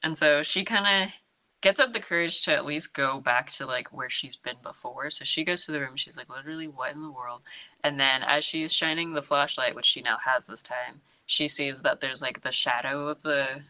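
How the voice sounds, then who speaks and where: A woman's voice: a bass voice, normal speed, sharp tone, low-quality recording. A woman casually recapping a film scene, storytelling with lots of "like" and acted-out quotes. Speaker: co-host recapping a horror film. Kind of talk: casual chat.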